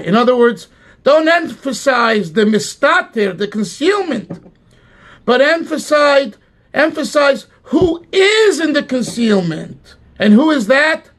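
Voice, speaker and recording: A man preaching a sermon with rising passion and emphatic cries, phrasing his words slowly and deliberately. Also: extremely high pitch, big pitch swings, a bit bright. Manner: impassioned, swelling to emphatic cries. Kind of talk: sermon with sung melody.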